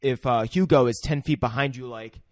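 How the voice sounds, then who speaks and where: A man's voice: mid-range voice, normal speed, a little mellow, no echo, clean studio sound. Laid-back man discussing a film. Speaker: podcast co-host. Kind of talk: casual movie discussion.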